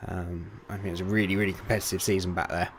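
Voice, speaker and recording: Lower-voiced man hosting a chatty podcast. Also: little pitch movement, rapid-fire, a little hiss or hum. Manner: chatty, steering the talk, laughs often. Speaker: podcast host. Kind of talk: casual chat.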